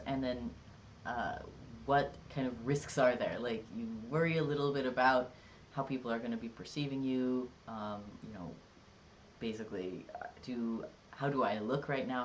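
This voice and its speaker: With a faint hum of room ambience behind them, a livestreamer talks casually to their audience at a mid pitch. The relaxed, slightly jokey chatter wanders freely and leans heavily on "like" and "um."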